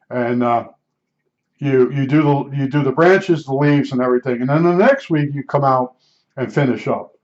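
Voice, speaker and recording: A man's voice: medium pitch, darkish tone. A man telling a casual, rambling anecdote, restarting his sentences often and leaning on fillers. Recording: dull lo-fi recording.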